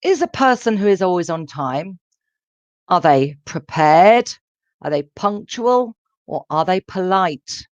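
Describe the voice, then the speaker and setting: A woman teaching a live online English class, speaking clearly and repeating phrases and questions for her students to follow. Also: fairly low pitch, expressive, takes it slowly, no room sound. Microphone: computer microphone in a live online lesson. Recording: dull, dry lo-fi stream audio.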